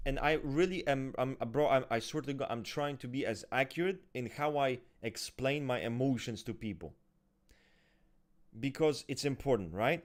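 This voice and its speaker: Casual co-host, male, mid-pitched voice, blunt and swearing freely, talks in bursts with restarts. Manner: emphatic and profane, restarts often. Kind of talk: casual chat.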